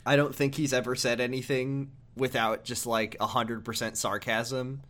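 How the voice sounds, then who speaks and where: A man's voice: medium pitch, flat delivery, normal speed, a bit bright. A man co-hosting a casual podcast, joking and laughing often, with plenty of fillers. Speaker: podcast co-host.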